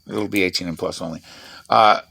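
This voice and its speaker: A man talking fast in a rambling, profane, digressive vlog monologue from his half-built shed at night. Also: deep voice, fairly even intonation, vocal fry, pushed and bright, breathy edge, no echo. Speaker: vlogger.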